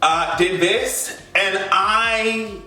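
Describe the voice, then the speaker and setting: A man hosting a casual celebrity gossip vlog, sassy and quick to burst out laughing. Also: high-pitched, sharp tone, echoey room, distant mic. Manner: sassy, laughs often, exaggerated asides. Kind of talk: casual pop-culture commentary.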